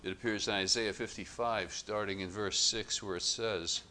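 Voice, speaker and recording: Low-voiced bright man preaching a sermon. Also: steady tone. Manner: measured, emphatic contrasts, rising louder on quotes.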